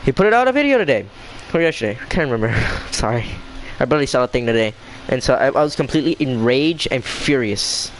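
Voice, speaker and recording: A man's voice: medium pitch, very animated, fast talker, slight background noise, poor audio. A young man venting in a heated, swearing rant as a vlogger, repeating himself as he talks. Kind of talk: angry rant to camera.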